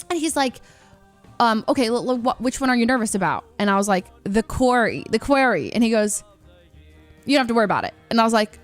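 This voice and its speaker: A woman's voice: a little high, expressive, fast talker, soft background music. A woman streamer casually telling a story, acting out what other people said and filling her speech with "like". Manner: chatty, acts out quoted people, lots of "like".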